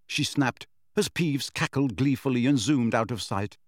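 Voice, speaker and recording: A man reading a novel aloud as audiobook narration, in measured, expressive storytelling. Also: mid-range voice, no room sound, studio quality. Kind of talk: scripted narration.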